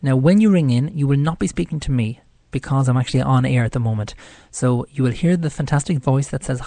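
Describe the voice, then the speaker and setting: A man's voice: mid-range voice, fairly quick, few pauses, dark tone, no echo. A man with an Irish accent hosting a live radio show, talking in a chatty, rambling way. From Ireland. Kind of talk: casual live radio talk.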